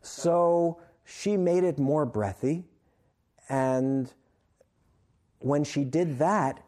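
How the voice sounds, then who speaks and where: A man's voice: fairly high pitch, drawn-out words. A man, an author and guest on an interview show, telling a story at length and acting out the quoted lines. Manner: animated storyteller, acts out quotes.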